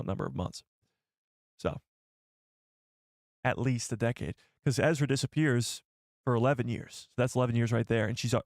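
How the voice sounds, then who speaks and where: Excitable man hosting a live stream. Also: medium pitch, dry recording, clean studio sound. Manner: excitable, rambling, corrects himself often. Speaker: host.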